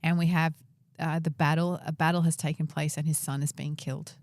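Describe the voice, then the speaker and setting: A woman's voice: sits low, flat delivery, brisk, darkish tone, no echo, clean studio sound. A woman co-hosting a podcast, casually retelling a Bible story and asking her co-host questions.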